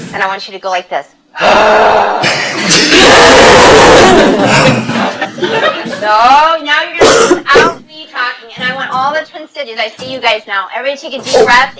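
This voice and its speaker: Energetic woman lecturing a class. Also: sits high. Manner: energetic, coaxing, leads group exercises. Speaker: nursing instructor. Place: lecture hall. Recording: loud background noise.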